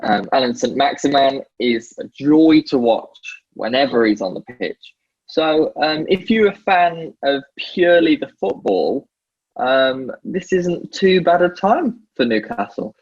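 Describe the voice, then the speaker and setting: A man co-hosting a casual sports podcast, easygoing and wry, pausing often with fillers. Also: mid-range voice, lively intonation, a little mellow, dry recording, muffled recording. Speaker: podcast co-host.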